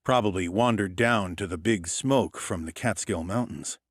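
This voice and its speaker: A man's voice: low voice, moderate pace, dry recording, studio quality. A man narrating a first-person audiobook with a wry, hardboiled delivery.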